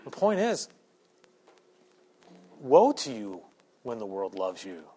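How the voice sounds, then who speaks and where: A pastor preaching a sermon to his church, shifting from quiet asides to loud, emphatic points. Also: lowish voice, wildly swooping pitch, slow, breathy edge. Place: church sanctuary.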